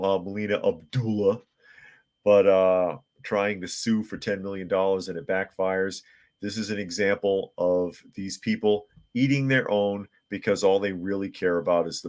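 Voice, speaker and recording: A man's voice: low voice, a little mellow. A man hosting a live podcast, reading viewer comments and news articles aloud with blunt opinions and frequent restarts. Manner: frequent restarts and filler words. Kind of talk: casual live-stream commentary.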